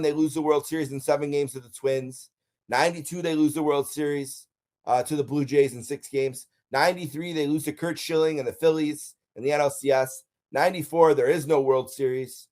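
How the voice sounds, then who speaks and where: A man's voice: on the high side, fairly even intonation, normal speed, a little mellow. A middle-aged man from Buffalo telling personal stories in a casual countdown, upbeat with frequent ums. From Buffalo, USA. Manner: enthusiastic storyteller, frequent ums and uhs.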